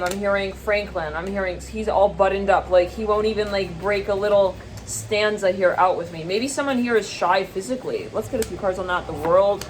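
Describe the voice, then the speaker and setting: A woman talks through a tarot spread in a loose, rambling way, laughing easily. When she quotes someone, her voice jumps up into squeals. Her pitch sits in the middle, and faint background noise runs under the talk. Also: normal speed. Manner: chatty, rambling, laughs often, acts out quoted people in high squeals. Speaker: tarot reader. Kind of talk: casual tarot reading monologue.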